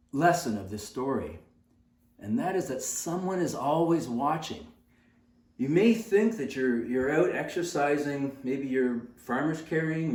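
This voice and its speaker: An earnest man in his sixties tells a story in a conversational way. His pitch sits in the middle range. The sound is roomy and comes from some distance. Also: a little mellow. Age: 60s. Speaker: fitness channel host. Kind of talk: personal storytelling.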